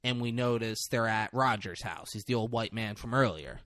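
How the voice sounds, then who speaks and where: A man, co-hosting a casual podcast, retelling a film scene by scene and acting out the lines in loud bursts. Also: on the low side, moderate pace. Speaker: podcast co-host recapping a film. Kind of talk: casual chat.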